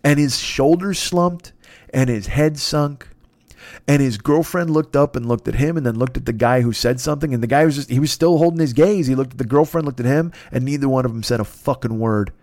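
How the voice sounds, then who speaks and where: A man in his fifties with a medium-pitched voice tells a rambling story, casual, profane and excitable, speaking fairly quickly. The recording has no echo.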